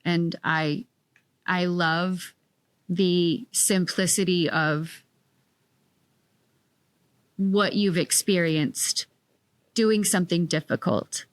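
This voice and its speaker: A woman hosting a podcast interview, asking her questions in a measured, unhurried way. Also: lowish voice, dry recording. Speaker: podcast host.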